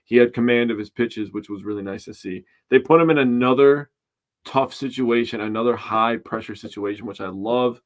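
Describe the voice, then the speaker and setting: A man co-hosting a casual sports podcast, talking in a relaxed, chatty way and listing pitching numbers. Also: moderate pace. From Wisconsin. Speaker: podcast co-host.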